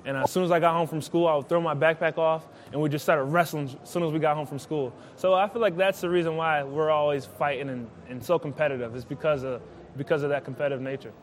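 A man's voice: on the high side, steady tone, fast talker. A man, a football player, answering interview questions in a matter-of-fact way.

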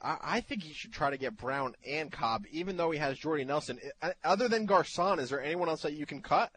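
A man hosting a fantasy football call-in radio show, talking in animated, loud bursts of excitement. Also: a little high, a little fast, husky.

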